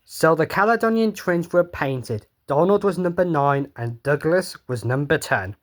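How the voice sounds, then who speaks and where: A man's voice: a little high, animated, moderate pace. A man casually reading his own storybook tale aloud, offhand and sweary, stumbling over words. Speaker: reader.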